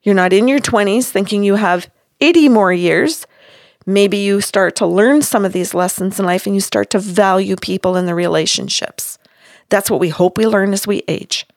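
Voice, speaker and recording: A woman in her sixties with a medium-pitched voice speaks at a moderate pace, recorded in studio quality with no echo. She is a counselor recounting a session, firmly and emphatically acting out both sides of the conversation.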